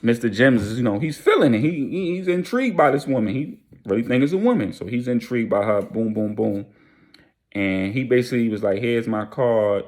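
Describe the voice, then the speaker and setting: A man's voice: mid-range voice, expressive, fairly quick, darkish tone. A man narrating a story casually, in a slangy, loose, rambling way.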